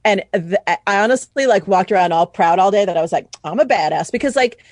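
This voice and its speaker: A woman from New York City, a podcast host and wedding planner, talking in a casual, animated way and acting out quoted emails. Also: medium pitch, fast, dry recording. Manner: animated, acts out quoted speech. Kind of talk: casual business chat.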